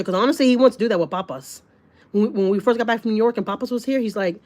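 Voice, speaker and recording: Speaking quickly in a medium-pitched, steady voice, a livestream host from Texas, USA works through viewer comments. She's blunt, swears freely, and leans heavily on fillers.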